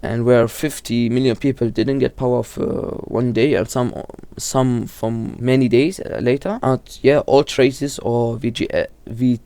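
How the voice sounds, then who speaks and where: A man's voice: mid-range voice, steady tone, unhurried, few pauses, warm tone, clear, resonant tone. A man casually explaining horror lore, often stumbling, restarting and correcting himself, with lots of fillers. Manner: informal, filler-heavy delivery.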